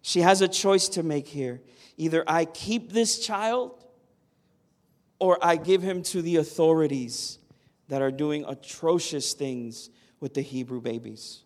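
A man's voice: a little high, measured pace. A man preaching a sermon, earnest and emphatic, often asking the listeners "Amen?". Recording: long hall reverb.

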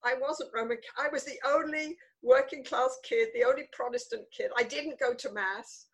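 Older Englishwoman, interview guest, slightly high voice, emphatic and repetitive for effect. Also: moderate pace, husky, rough recording. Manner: animated, emphatic, repeats words for stress. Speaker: guest author. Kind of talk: conversational interview storytelling.

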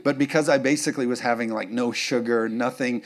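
A man's voice: medium pitch, fairly even intonation, a little fast. A man, preaching a sermon as pastor, joking and chatty, then rising to fervent urging.

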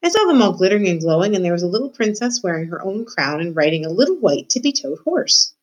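A woman's voice: lowish voice, sing-song, fast. A woman reading a storybook aloud, voicing a shy seven-year-old peasant girl with a small, eager voice. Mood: wistful.

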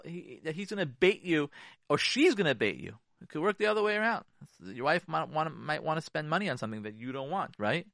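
Emphatic, lively-voiced male marriage counselor. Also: on the high side, brisk, creaky, no room sound, clean studio sound. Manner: emphatic, repeats key phrases, acts out spouses' lines. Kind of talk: radio advice talk.

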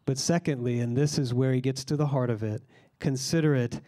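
Mellow-voiced man preaching a sermon. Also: mid-range voice, fairly even intonation. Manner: earnest teaching, slows down to stress key phrases. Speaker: pastor.

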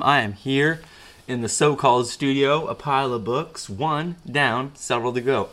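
A man's voice: mid-range voice, lively intonation, moderate pace, pushed and bright. A man hosting a solo podcast from a garage, rambling and self-mocking, with jokes. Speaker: podcast host. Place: garage at home. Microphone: old-fashioned recorder.

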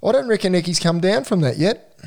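A man's voice: high voice, animated, fairly quick, creaky, darkish tone. An Australian man hosting a podcast, asking questions in a friendly, easygoing way. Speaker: podcast host. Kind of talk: casual chat.

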